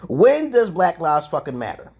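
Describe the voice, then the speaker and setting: Husky profane man ranting loud then low. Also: big pitch swings, moderate pace. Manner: profane, confrontational, swinging between loud outbursts and low mutters. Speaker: livestream host. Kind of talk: ranting livestream monologue.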